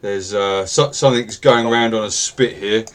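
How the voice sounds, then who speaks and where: Low-voiced man running a tabletop game. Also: moderate pace. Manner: relaxed, rambling narration with many fillers. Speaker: game master.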